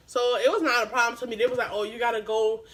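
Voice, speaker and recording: High-voiced young woman telling a story. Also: fast, rough recording. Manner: animated, profane, slangy retelling. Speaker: vlogger. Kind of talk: casual storytime.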